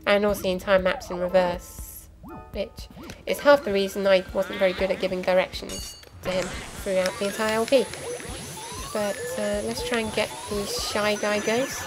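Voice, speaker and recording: A young woman explains a game as she plays, chatty and full of asides and filler ums. Her voice sits at an ordinary middle pitch for a woman. Game music plays clearly behind her the whole time. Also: little pitch movement, moderate pace, poor audio. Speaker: let's play commentator. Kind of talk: casual gameplay commentary.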